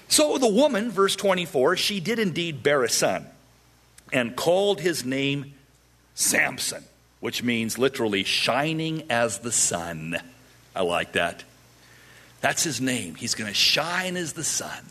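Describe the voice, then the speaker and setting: A man preaching verse by verse, animated and humorous, acting out the people in the story. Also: fairly high pitch, unhurried. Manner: animated, acts out voices of characters with humor. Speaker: pastor. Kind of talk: expository Bible teaching.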